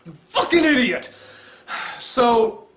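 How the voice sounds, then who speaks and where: A man giving a comedic film review, exasperated and swearing, swinging between mutters and shouts. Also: extremely high pitch, very animated, takes it slowly, echoey room. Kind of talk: ranting comedic movie review.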